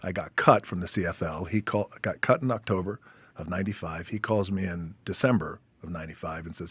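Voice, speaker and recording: Deep husky dude in his 50s telling a story on a podcast, gravelly, cussing, doing everyone's lines, dry studio mic. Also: fairly quick, no room sound. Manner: animated, swears freely, acts out other people's lines. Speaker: podcast guest. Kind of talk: casual storytelling.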